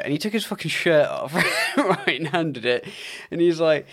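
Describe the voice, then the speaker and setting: A young man co-hosts a casual podcast chat. He tells his stories in an animated way, swears a lot and acts out the voices of the people in them. His pitch sits in an ordinary middle range. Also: fast talker, few pauses. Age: young adult. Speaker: podcast co-host.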